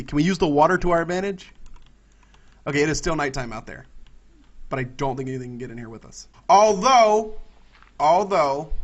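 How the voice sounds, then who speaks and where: A man with a Southern US accent, giving excitable let's-play commentary and talking both to himself and to his viewers. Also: medium pitch, muffled recording. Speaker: gaming YouTuber.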